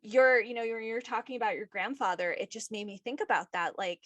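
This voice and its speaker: A woman's voice: fairly high pitch, fairly quick, fairly bright tone, no echo. Woman podcast host, effusive and emotional, dry close sound. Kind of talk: casual interview chat.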